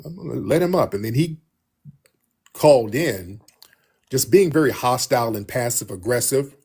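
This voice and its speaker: Male livestream host, husky, blunt and mocking. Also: medium pitch, expressive, unhurried, long pauses, darkish tone. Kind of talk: casual livestream talk.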